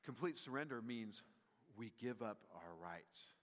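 Man, pastor, sermon, conversational, emphatic peaks, medium pitch, echoing church hall. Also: animated, measured pace, fairly bright tone. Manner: conversational with filler words, rising to emphatic peaks. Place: church sanctuary. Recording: long hall reverb, church sanctuary.

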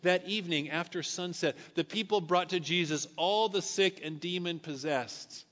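A man's voice: high voice, normal speed, a bit bright. A male pastor preaching a sermon, reading scripture and adding casual conversational asides. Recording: echoey hall, dull lo-fi sound.

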